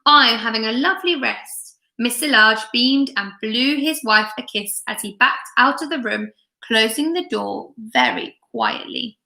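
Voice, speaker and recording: A woman reading a storybook aloud to young children in an expressive manner, chatting with her viewers between lines. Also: a little high, measured pace. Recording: echoey room.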